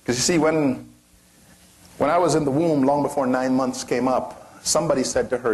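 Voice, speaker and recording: Speaking at a normal speed, this man has a mid-range, darkish voice with a steady tone. He's a motivational speaker addressing a crowd with passion, using rhetorical questions and broad rises and falls to press each point.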